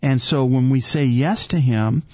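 A man's voice: mid-range voice, unhurried, mellow, no room sound, clean studio sound. A man hosting a casual faith talk, speaking in a preacherly way and asking rhetorical questions. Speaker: host.

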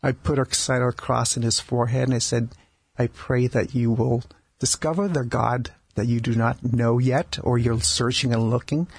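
Doctor guy on a radio show, super husky gravelly voice, keeps restarting his sentences. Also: medium pitch, steady tone, dry recording. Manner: halting, with many restarts and repeated words. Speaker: palliative care doctor, guest. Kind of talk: conversational storytelling interview. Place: radio studio.

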